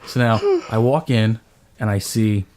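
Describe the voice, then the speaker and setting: This podcast host, a man in his thirties, speaks at a measured pace with a voice on the low side. Chatting casually, he tells an animated story and quotes himself yelling, acting out his own voice.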